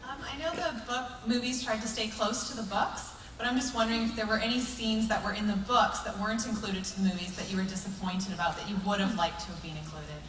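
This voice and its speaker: Fast-talking earnest woman fan. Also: mid-range voice, steady tone, background noise. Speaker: fan asking a question. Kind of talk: audience question. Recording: echoey hall from far off.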